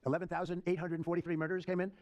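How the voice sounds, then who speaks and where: A man's voice: sits high, flat delivery, very fast, darkish tone. An older man answering reporters' questions in rambling, repetitive, dismissive remarks at a press conference.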